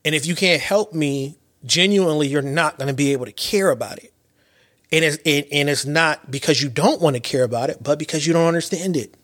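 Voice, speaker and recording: A man in his late thirties hosting a podcast, talking through his thoughts in a casual, animated way, with repeats and slang. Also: fairly high pitch, brisk, dry recording, studio quality. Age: late 30s. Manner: animated storyteller with repetitions and slang. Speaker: podcast host. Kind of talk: casual reflective monologue.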